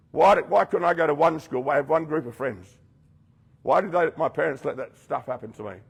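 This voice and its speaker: Speaking to residents, a man running a rehab group gives a blunt, confrontational talk aimed squarely at his listeners, acting out the voices of the people he quotes. His mid-range voice is husky and creaky.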